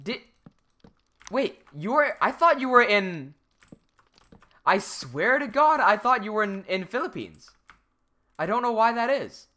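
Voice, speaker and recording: Young guy streaming and rambling, voice jumps all over, kinda bright. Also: high-pitched, big pitch swings, a little slow, pauses often. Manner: rambling, self-interrupting, reads chat aloud. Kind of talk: casual live-stream chat while gaming.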